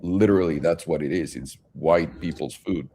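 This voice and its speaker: A man from Mexico telling animated stories in casual banter, swearing freely. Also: a bass voice, normal speed.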